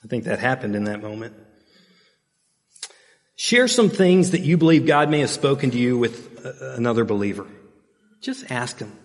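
A middle-aged man preaching a sermon in a relaxed, conversational way, telling stories with plenty of fillers and asides. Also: mid-range voice, normal speed, long pauses. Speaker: pastor. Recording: long hall reverb.

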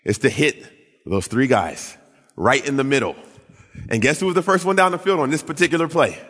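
A man preaching a sermon, telling his story and acting out quoted voices with big swings in pitch. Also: brisk, fairly bright tone, breathy edge, long reverb tail. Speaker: pastor.

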